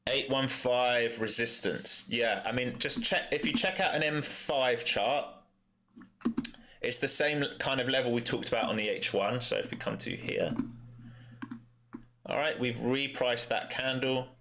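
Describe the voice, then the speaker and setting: A man's voice: medium pitch, a little slow, sharp tone. A man from East London with a London accent, giving casual, blunt live commentary on his trades and answering chat. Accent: London English. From East London, England. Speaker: day trader streaming live.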